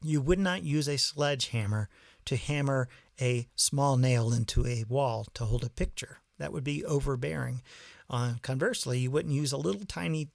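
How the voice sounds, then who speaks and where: A man teaches songwriting in a patient, methodical way. His voice has a gravelly edge, and the sound is dry, with no room echo. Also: medium pitch, normal speed. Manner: patient, methodical explaining with analogies. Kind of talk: explanatory video lesson.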